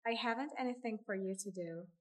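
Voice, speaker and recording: A woman's voice: mid-range voice, a little fast, distant mic, close to an everyday voice. A woman reading aloud, voicing a reserved farm wife who answers shortly and firmly. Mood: curt. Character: guarded farm wife, proud gardener.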